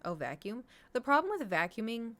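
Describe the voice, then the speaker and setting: A woman's voice: fairly high pitch, sing-song, brisk, a bit bright. A young adult woman streamer telling a rambling story in casual chat, swearing freely. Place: home room.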